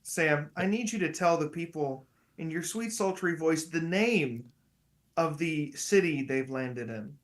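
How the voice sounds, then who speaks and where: High-voiced rambling man, roomy sound. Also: animated, unhurried. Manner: rambling, lots of "like", jokey. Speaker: podcast co-host. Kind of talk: casual chat.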